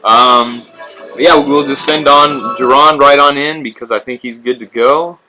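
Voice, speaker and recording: A man's voice: medium pitch, steady tone, unhurried. A man narrating a video game walkthrough in a casual, rambling, profane way. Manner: profane, rambling, laid-back. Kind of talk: casual gameplay commentary. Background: game music.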